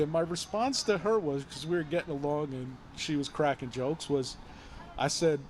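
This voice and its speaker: A man's voice: fairly high pitch, moderate pace, slight background noise. A man chatting casually and telling a long story with lots of energy, acting out the other people's lines and swearing freely. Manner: animated storyteller, acts out quoted voices, swears freely. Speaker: guest telling his story. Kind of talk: casual chat.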